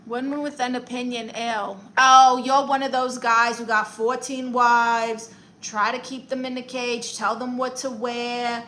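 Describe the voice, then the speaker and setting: Her voice is a little high, level, bright and forceful, heard through a rough recording. A young woman with a New York accent from Brooklyn, she reads viewer comments aloud on a casual home live stream and answers with sassy, playful quick comebacks.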